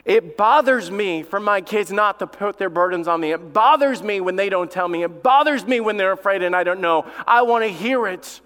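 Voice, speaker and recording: A man's voice: high-pitched, normal speed, few pauses, fairly bright tone, clear, resonant tone. Impassioned male pastor in a reverberant hall. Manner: impassioned, emphatic repetition; tells family stories from the pulpit. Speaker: lead pastor. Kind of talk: sermon.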